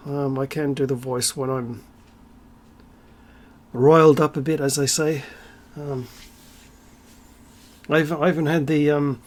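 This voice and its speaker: A man with a somewhat high-pitched voice rants straight to his viewers in a solo vlog. He is sarcastic and irreverent and swears freely, punching key words with sudden emphasis. He breaks into laughter between points. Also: unhurried, long pauses. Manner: animated, with bursts of emphasis and laughter. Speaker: channel host. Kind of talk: ranting solo vlog monologue.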